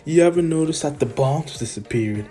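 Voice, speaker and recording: A man's voice: fairly high pitch, lively intonation, normal speed, faint music behind, close to an everyday voice. A man voicing a hot-tempered, cocky teenage boy rival who taunts his opponent in a told-aloud fan story. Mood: smug taunting. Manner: taunting, shouty, calls others nerd.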